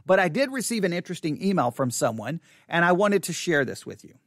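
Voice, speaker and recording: High-voiced, emphatic American pastor. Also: male voice, big pitch swings, fairly quick, fairly bright tone, no echo, clean studio sound. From United States. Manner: emphatic and exasperated, speaking bluntly to the listener. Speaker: pastor and podcast host. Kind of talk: podcast commentary on a listener email.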